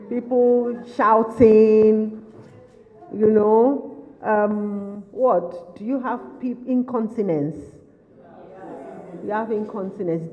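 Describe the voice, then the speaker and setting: Woman lecturing in an echoey hall. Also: medium pitch. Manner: asks rapid repeated questions, lists and restates points. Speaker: behaviour management trainer. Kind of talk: workshop lecture to caregivers. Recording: lo-fi recording with long hall reverb.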